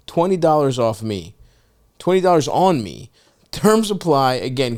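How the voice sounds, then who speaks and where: A male podcast host who reads ads and banters with his guests. He swears freely, jokes constantly and keeps the energy up. His voice sits at a middling pitch for a man. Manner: profane, animated, jokey. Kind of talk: casual chat and ad read.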